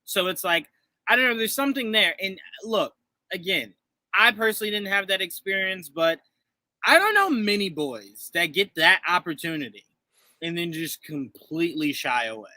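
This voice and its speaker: A man in his thirties co-hosting a casual show review, talking in an animated way and acting out voices as he tells stories. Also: high voice, moderate pace, dry recording. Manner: animated, acts out quoted voices. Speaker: podcast co-host.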